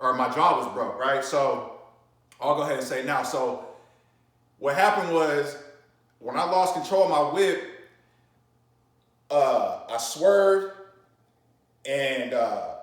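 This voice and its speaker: A man's voice: medium pitch, recorded from a distance. A man casually telling his own story in a slangy, rambling way, with lots of fillers and restarts. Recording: very echoey room.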